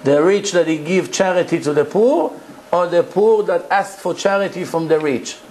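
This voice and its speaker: A man's voice: sits high, moderate pace, darkish tone, low-quality recording. A man, a rabbi, giving a Torah lecture to a live audience, preaching emphatically and telling stories with rhetorical questions.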